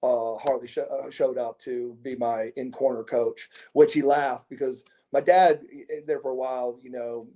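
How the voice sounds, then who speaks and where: A middle-aged man in an interview, reminiscing about his wrestling days in a mellow, warm voice. He rambles, stumbles over repeated words and restarts his sentences, and chuckles between anecdotes. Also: medium pitch, fairly even intonation, normal speed, hardly any pauses. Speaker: interview guest, former pro wrestler. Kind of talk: casual anecdotal storytelling.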